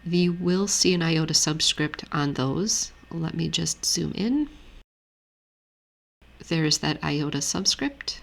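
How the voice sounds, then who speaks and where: A woman teaching Greek grammar in a steady, methodical way, walking through a lesson on screen. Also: low-pitched, takes it slowly, gravelly. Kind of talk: screen-share lesson walkthrough.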